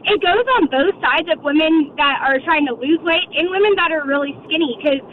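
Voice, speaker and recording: A woman's voice: high voice, a little fast. A woman phoning in to a radio show as a caller, a school teacher speaking in a friendly, slightly bashful way. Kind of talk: phone-in caller chat. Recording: tinny phone line with faint road noise.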